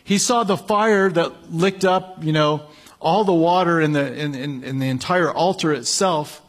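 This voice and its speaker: A man's voice: fairly high pitch, unhurried. A man preaching a sermon, reading Bible passages and explaining them in a conversational way with casual asides. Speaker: pastor.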